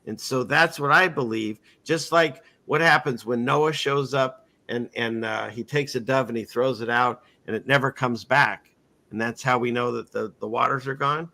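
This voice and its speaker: A man's voice: medium pitch, normal speed, creaky, pushed and bright. A man hosting a casual interview, telling long rambling stories and acting out the people he quotes. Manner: rambling storyteller, acts out quotes in voices. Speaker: podcast host.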